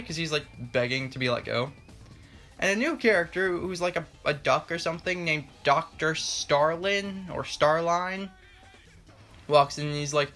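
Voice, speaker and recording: Bright, animated young-sounding man reviewing. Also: fairly high pitch, moderate pace, soft background music. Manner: animated, joking, paraphrases characters with a loose "like". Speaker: comic book reviewer. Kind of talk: casual spoken review.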